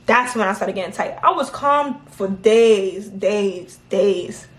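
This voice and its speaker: A woman telling a story in casual chat, animated and laughing as she acts out what others said. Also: mid-range voice, slow pace, a little hiss or hum. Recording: echoey room.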